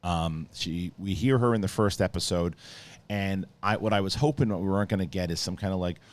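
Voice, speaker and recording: Male TV reviewer and host, slightly low voice, chatty, excited, talks in loose restarts and asides. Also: brisk. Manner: rambling, lots of restarts and asides, enthusiastic. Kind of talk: casual spoiler review monologue.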